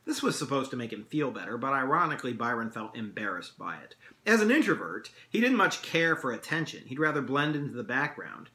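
A male English teacher reads his own novel aloud in a steady storytelling voice. His tone is bright and forward. The recording sounds echoey, as in a hard room. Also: mid-range voice, a little fast, hardly any pauses.

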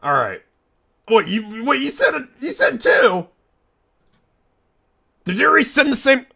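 A man's voice: very high voice, big pitch swings, slow pace, vocal fry, pushed and bright, breathy edge, pitched above the performer's own voice, exaggerated voice. A man doing Knuckles, hot-headed echidna. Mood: baffled. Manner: exasperated, keeps exclaiming. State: strained voice. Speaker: streamer playing a game in character. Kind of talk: in-character game stream.

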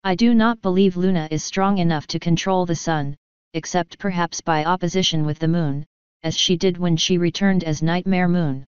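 A woman voicing a calm, regal female pony princess who speaks formally, in a storybook reading. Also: fairly low pitch, clean tone, dry recording, close to an everyday voice. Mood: thoughtful. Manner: formal, measured speech. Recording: dull lo-fi dry recording.

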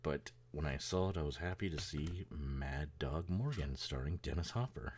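A man's voice: very deep voice, animated, normal speed, darkish tone, a little hiss or hum. A man hosting a podcast in casual, rambling chat, swearing freely and chuckling as he talks. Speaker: podcast host.

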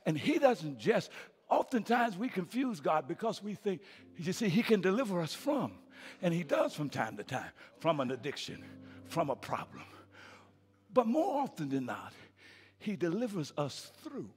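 A male pastor preaching live, his husky, gravelly voice climbing high and swinging widely. He calls out to the congregation and repeats his phrases for emphasis. The sound carries a long reverb from a church hall. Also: wildly swooping pitch, normal speed. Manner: preaching with call-and-response, building to shouted peaks. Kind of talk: live sermon.

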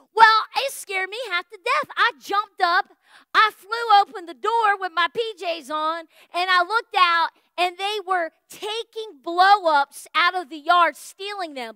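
A woman pastor with a drawl tells a story from the pulpit, acting out every line of dialogue. Her voice sits very high and rings bright. The sound is close and dry, with no room echo. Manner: animated, folksy storytelling with acted-out dialogue. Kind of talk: storytelling sermon. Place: church.

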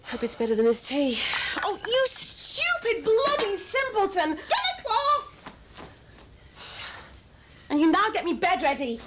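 A woman's voice: high-pitched, expressive, fast, hardly any pauses, very noisy. An actress playing a bossy, blunt mother from who scolds her son in a TV soap. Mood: scolding. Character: bossy, sharp-tongued middle-aged mother. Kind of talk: TV soap acting.

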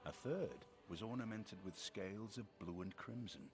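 A man's voice: lowish voice, moderate pace, lightly acted. A man reading scripted narration as a solemn game narrator. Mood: measured. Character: solemn male game narrator telling of history.

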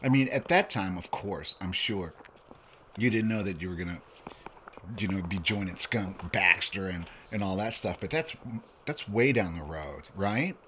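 A man's voice: low voice, lively intonation, moderate pace, fairly bright tone, slight background noise. A man hosting a radio interview show, talking in an enthusiastic, slangy way to his guest. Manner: enthusiastic, slangy, calls guest dude and bro.

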